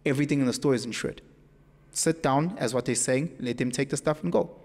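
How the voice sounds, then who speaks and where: A man with a South African accent, speaking as a podcast guest in an emphatic, animated storytelling way. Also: medium pitch, a little fast. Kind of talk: casual conversation. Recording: echoey room with long reverb.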